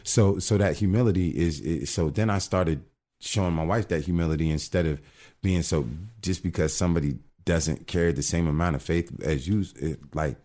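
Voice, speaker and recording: Middle-aged man, very low voice, earnest restart-heavy faith storytelling on a casual talk show. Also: normal speed, a little mellow. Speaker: guest telling his testimony.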